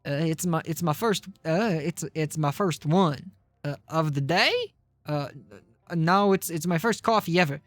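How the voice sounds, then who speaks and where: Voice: mid-range voice, dry recording, faint music behind, natural voice. A streamer voicing a stammering nervous coffee drinker. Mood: flustered. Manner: halting, stammering. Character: nervous man with his first coffee. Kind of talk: reading game dialogue aloud.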